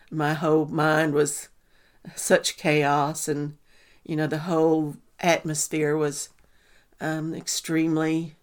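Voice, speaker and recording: A woman, a mother telling a personal story in a halting way, with many ums and restarts. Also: low-pitched. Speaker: mother recounting a family loss. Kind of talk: personal testimony.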